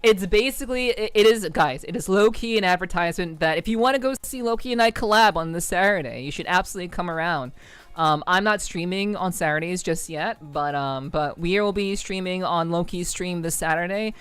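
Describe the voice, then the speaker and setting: A woman's voice: fairly low pitch, brisk, clear, resonant tone, dry recording. A woman VTuber streamer chatting casually with her viewers, repeating phrases and swearing offhand.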